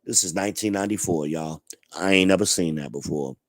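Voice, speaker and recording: A man's voice: sits low, a little fast, no echo, clean studio sound. A man in his forties telling blunt, profane stories in a laid-back, casual vlog monologue. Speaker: vlogger.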